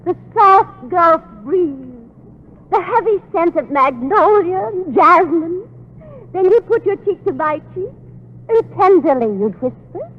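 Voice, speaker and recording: A woman's voice: big pitch swings, moderate pace. A woman playing a daffy, man-chasing spinster in 1940s radio comedy, giggly and brassy. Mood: flirty. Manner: shrill, giggly, brassy delivery. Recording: hissy lo-fi 1940s radio broadcast.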